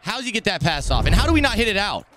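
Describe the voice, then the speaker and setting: A young man streaming a football video game, commenting live, swearing and swinging between muttered complaints and shouted reactions. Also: sits high, very animated, racing, slight background noise. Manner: profane trash talk.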